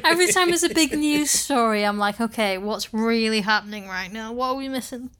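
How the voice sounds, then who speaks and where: A woman's voice: a little high, brisk, crowd noise. A woman co-hosting a casual podcast who teases her partner and asks skeptical questions. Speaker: podcast co-host.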